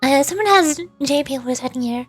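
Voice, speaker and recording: A woman's voice: high voice, animated, fairly quick, music in the background. A young woman streamer chatting casually while playing a game, giggly and rambling. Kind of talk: casual gameplay streaming chat.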